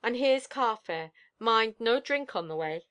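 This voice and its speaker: Audiobook figure: an earnest, kindly gentleman, curt and dry, read by a woman. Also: on the high side, lively intonation, measured pace, clear, resonant tone. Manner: short, dry, urgent. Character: earnest, kind gentleman who runs a laundry.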